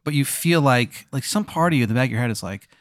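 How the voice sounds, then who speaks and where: Dude making up a goofy scenario on the fly, lots of likes and swears, dry close mic. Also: male voice, mid-range voice, fast talker, no room sound. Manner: loose, swearing, many fillers. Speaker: game master of an improvised hypothetical. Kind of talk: casual improvised storytelling.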